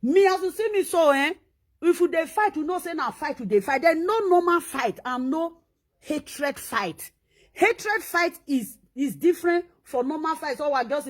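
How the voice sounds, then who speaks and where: A Nigerian woman with a high voice delivers a casual monologue. She scolds and repeats herself, and her voice jumps up sharply whenever she stresses a point. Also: lively intonation, moderate pace. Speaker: social media commentator.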